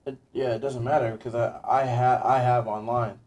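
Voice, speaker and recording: A man co-hosting a casual chat while setting up a video game, laid-back, talking in quick asides. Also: mid-range voice, flat delivery, darkish tone. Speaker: co-host.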